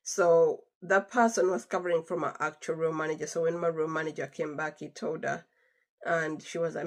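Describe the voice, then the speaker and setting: A woman's voice: low-pitched, fairly even intonation, moderate pace. A young adult woman casually telling a story to her viewers, emphatic and chatty, repeating phrases for stress. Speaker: vlogger telling a work story.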